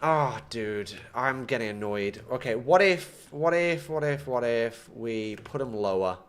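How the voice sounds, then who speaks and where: In a medium-pitched, clear and resonant voice with lively intonation, a man speaks a little slowly while streaming gameplay live. He sounds exasperated, addressing both himself and his chat as his builds keep failing.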